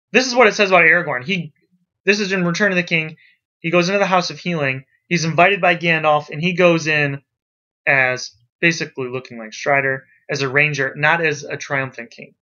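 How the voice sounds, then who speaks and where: A man teaching a class, talking to students in a lively, emphatic way. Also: a little high. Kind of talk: classroom lecture. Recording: dull lo-fi recording.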